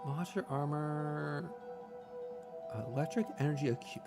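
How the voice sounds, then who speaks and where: A man's voice: a little high, big pitch swings, normal speed, over music. A man streaming a factory-building game, muttering to himself with playful asides. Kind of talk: casual gameplay commentary.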